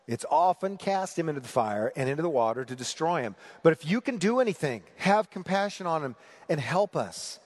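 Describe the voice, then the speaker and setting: Animated man preaching in a reverberant hall. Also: fairly high pitch, brisk. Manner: animated, rhetorical questions to the congregation. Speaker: pastor. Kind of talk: sermon.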